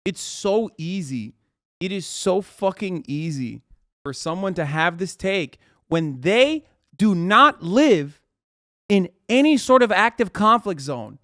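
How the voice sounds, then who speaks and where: A man reacting to a news video on a livestream, ranting angrily and swearing heavily, his voice rising into shouts. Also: sits high, big pitch swings, slow pace, no room sound, studio quality. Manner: profane, angry ranting.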